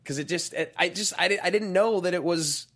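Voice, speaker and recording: A man's voice: high voice, fairly quick. A man co-hosting a movie podcast, telling stories with eager restarts and easy laughter. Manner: animated, laughing, stumbling restarts. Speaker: podcast co-host. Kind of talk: casual movie podcast chat.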